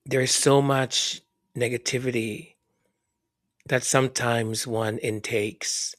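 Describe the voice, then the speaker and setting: A man hosting a podcast who reads listener comments aloud, speaking softly and haltingly, often whispering his thanks and sounding moved. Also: mid-range voice, steady tone, no echo, clean studio sound. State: moved, emotional. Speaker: podcast host. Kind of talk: casual chat reading listener comments.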